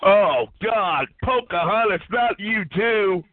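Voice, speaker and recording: A man's voice: high-pitched, slow pace. A man making prank calls, talking in a mocking, abusive, provocative way. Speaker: prank caller. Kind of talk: trolling phone chat. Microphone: phone. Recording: tinny phone line.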